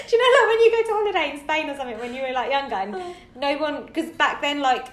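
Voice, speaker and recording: A British woman co-hosting a podcast in casual chat, animated, laughing often and mimicking voices. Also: high voice, reverberant. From Britain. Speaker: podcast co-host.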